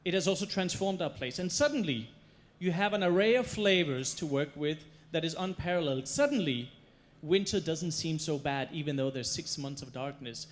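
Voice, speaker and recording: Guy doing a stage talk, kinda high voice, tells stories with lots of punch and humor. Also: animated, normal speed, few pauses. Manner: storytelling, emphatic, playful. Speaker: chef giving a stage talk. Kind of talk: stage presentation. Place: stage before a live audience.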